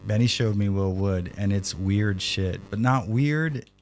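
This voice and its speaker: Deep-voiced man cussing through a game stream. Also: a little slow. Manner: profane, sarcastic banter. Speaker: streamer playing a retro game and reading chat. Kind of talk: casual live stream chat.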